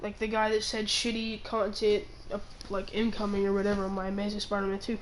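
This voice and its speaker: A teenage girl ranting on her own channel, rambling and halting with many restarts, sounding indignant. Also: medium pitch, completely flat delivery, a little hiss or hum, low-quality recording. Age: teens. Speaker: channel owner. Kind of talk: ranting vlog.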